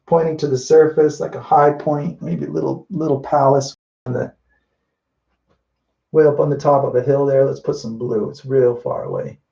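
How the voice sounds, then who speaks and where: Casting note: man painting live on camera, easygoing think-aloud instructor, mellow low-key tone, slightly dull lo-fi sound. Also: normal speed, creaky. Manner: relaxed, thinking aloud while painting, many restarts and "you know". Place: indoors at a painting wall.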